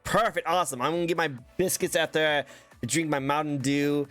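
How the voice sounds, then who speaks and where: A man's voice: a little high, fairly even intonation, brisk, fairly bright tone, soft background music. An American man hosting an interview, goofy and hesitant, full of uhs as he jokes around. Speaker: interview host. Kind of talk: casual interview banter.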